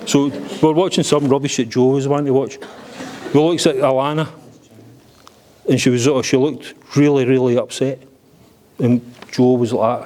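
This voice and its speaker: A man's voice: mid-range voice, steady tone, normal speed, darkish tone. A middle-aged Scottish man giving a joking, blunt father-of-the-bride speech at a wedding reception, swearing freely.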